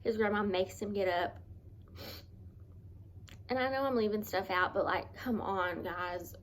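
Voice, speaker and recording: A woman speaks to camera in a personal storytime vlog, her voice at an ordinary middle pitch. She tells her story earnestly and haltingly, stopping to restart lines. A faint hiss of noise sits under her voice. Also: fairly even intonation. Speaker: vlogger.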